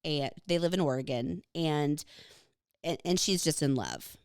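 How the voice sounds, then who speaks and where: A woman's voice: deep voice, a little slow, clean tone, no echo, clean studio sound. A woman co-hosting a podcast in casual chat, self-mocking and laughing as she talks. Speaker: podcast co-host.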